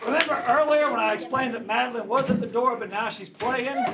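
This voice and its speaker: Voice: mid-range voice, brisk, noisy background. A host running a live improv show, chatty and coaxing suggestions from the audience. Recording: live room with loud audience.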